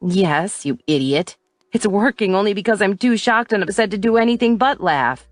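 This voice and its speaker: A woman voicing a sharp-tongued young woman in an audiobook, sounding exasperated. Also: medium pitch, lively intonation, normal speed, no echo, soft background music, voice pushed up, lightly acted.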